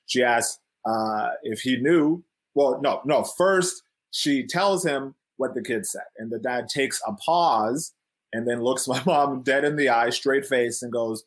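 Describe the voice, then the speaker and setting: A young man tells a story from his own childhood in a relaxed, chatty way. His voice sits at an ordinary middle pitch for a man. He jumps into the voices of the people he quotes, laughs here and there, and keeps checking in with "right?". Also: unhurried. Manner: animated, acts out quotes, laughs often. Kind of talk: casual storytelling.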